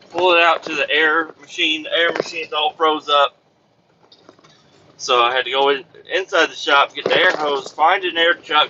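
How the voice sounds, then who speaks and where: A truck-driving podcast host rants about his day, swearing constantly and sounding fed up. His voice sits fairly high and comes across very bright and sharp. The recording is muffled, with faint vehicle noise underneath. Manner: profane, exasperated storytelling. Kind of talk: casual rant, recounting his workday.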